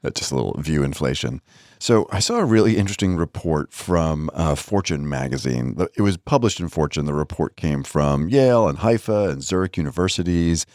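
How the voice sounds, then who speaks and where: A man's voice: very deep voice, animated, a little fast, a little mellow, no room sound, studio quality. A man co-hosting a podcast, chatting casually and joking while he walks through the news at length. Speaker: podcast co-host. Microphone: studio microphone, on camera.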